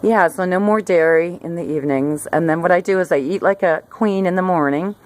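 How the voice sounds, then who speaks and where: A woman's voice: lowish voice, brisk. A middle-aged woman vlogging outdoors by a hillside garden, talking casually to camera in a rambling way, breaking off her sentences and laughing often.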